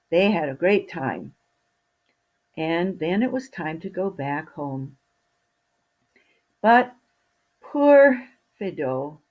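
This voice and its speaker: A woman storyteller telling a fairy tale to children in a slow, expressive way. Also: low voice, lo-fi sound.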